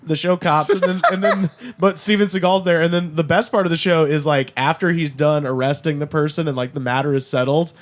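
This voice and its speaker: A man's voice: on the high side, fairly even intonation, brisk, few pauses. A man co-hosting a podcast in casual chat, laid-back, asking questions and chuckling along. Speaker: podcast co-host.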